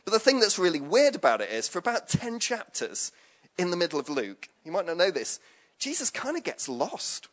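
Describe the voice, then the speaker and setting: A man's voice: high voice, huge pitch swings, moderate pace, fairly bright tone. A man preaching a conversational sermon, chatty and jokey, with lots of asides.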